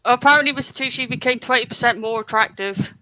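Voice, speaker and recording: A man with a West Country accent and a very high, very bright voice, talking on a gaming podcast. The sound is dry and close, with no room around it. His delivery is quick and playful. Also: no room sound. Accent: West Country English. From South Gloucestershire, England. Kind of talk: casual gaming podcast chat.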